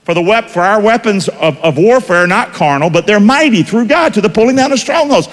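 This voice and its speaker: A man's voice: sits high, lively intonation, a little fast. A man preaching a sermon, emphatic, with call-and-response questions to the congregation. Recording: long hall reverb.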